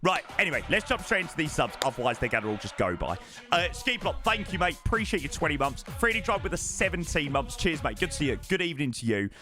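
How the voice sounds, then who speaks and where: A man's voice: on the high side, sing-song, quick pace, music in the background. A man chatting casually on a live stream, thanking subscribers one by one and swearing now and then. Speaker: flight sim streamer.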